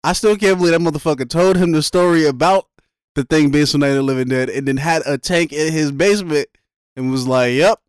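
A man co-hosting a podcast, chatting about a movie in a relaxed, slangy way and laughing often. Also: on the high side, brisk, clear, resonant tone, no room sound, studio quality. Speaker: podcast co-host. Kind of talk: casual movie discussion.

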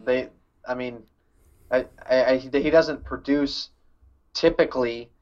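A man's voice: mid-range voice, fairly even intonation, takes it slowly, highs cut off. A man co-hosting a casual movie podcast, thinking aloud with hesitant restarts. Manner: thoughtful, hesitant, many restarts. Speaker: podcast co-host. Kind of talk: casual movie news chat.

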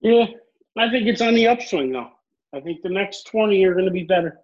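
A man's voice: sits high, expressive, fairly quick. A man co-hosting a sports podcast, chatting in an upbeat, joking way. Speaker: podcast co-host. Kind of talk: casual sports chat. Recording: dull lo-fi line.

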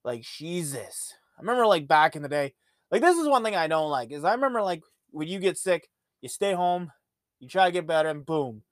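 Quick and expressive, this high-sitting male voice belongs to an Ontario podcast host. He rambles easily through crude, casual stories in a monologue, and the studio sound is clean and echo-free.

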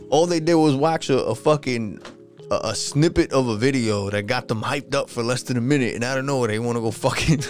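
A man hosting a podcast, ranting in a casual, profane and frustrated monologue. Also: medium pitch.

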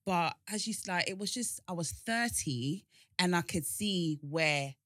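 Woman in her 30s, lowish voice, frank and chatty, close dry mic. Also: animated, a little slow, a bit bright, no echo. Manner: frank, storytelling, reassuring. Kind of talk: casual heart-to-heart chat.

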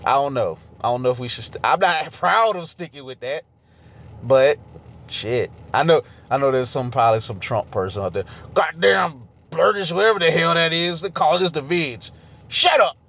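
Animated, laughing man co-hosting a podcast. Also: medium pitch, moderate pace. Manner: animated, laughs often, swears casually. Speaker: podcast co-host. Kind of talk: casual chat.

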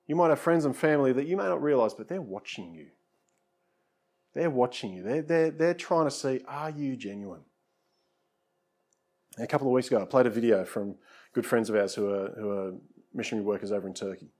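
A man's voice: mid-range voice, fairly quick, a little mellow. A man preaching a conversational sermon as pastor, often saying "you know" and repeating words, then leading a prayer.

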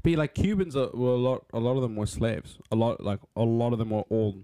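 A man's voice: medium pitch, lively intonation, fast talker, mellow, clear, resonant tone, no echo, studio quality. A young man co-hosting a podcast in loose, blunt casual chat, swearing freely. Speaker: podcast co-host.

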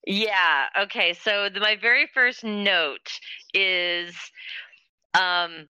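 A woman's voice: mid-range voice, extremely slow, sharp tone, smooth, no echo, rough recording. A woman co-hosting a casual chat podcast, rambling with lots of fillers, laughing often and swearing freely. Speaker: podcast co-host.

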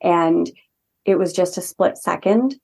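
A woman's voice: fairly low pitch, unhurried, gravelly, mellow, slightly rough. A young woman telling a personal story as a podcast guest, chatty and earnest, with lots of "like" fillers. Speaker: guest, holistic healing practitioner. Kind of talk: casual storytelling in a podcast interview.

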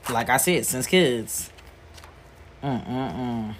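A woman hosting her own podcast, talking casually and candidly in a rambling way, full of slang and restarts, and dropping low and soft when she talks about grief. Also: animated, drawn-out words, slight background noise. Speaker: podcast host.

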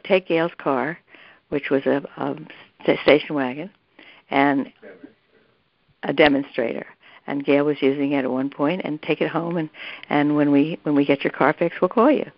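This is casual storytelling from an older woman being interviewed about her family's past. Her voice sits low and moves at a moderate pace with long pauses, and she keeps restarting and drifting into asides. The dull, lo-fi audio is dry, with no room sound.

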